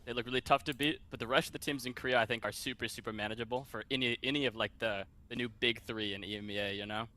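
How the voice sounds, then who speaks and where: A man, a professional player, out of breath in a post-match interview, talking fast with lots of fillers. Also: medium pitch, fairly even intonation, sharp tone. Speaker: pro player.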